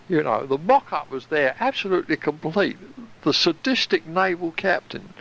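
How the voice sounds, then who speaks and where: A man recounting his past in a recorded reminiscence, animated and casually swearing. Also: fairly high pitch, moderate pace, gravelly, poor audio.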